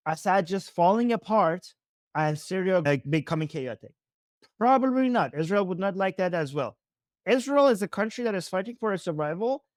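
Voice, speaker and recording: Speaking in a high-pitched voice with a Persian accent, a man comments casually on videos as they play, thinking out loud with lots of restarts and self-corrections. The recording is clean studio audio without echo.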